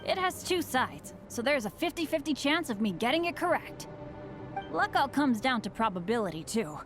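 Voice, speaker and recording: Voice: sits high, big pitch swings, moderate pace, over music. A cheerful, unlucky teenage boy. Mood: upbeat. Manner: upbeat, eager. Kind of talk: game voice acting.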